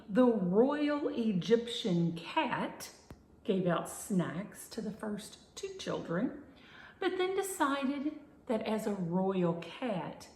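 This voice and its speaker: A woman reading a children's story aloud in a gentle, expressive way. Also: mid-range voice. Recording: roomy echo.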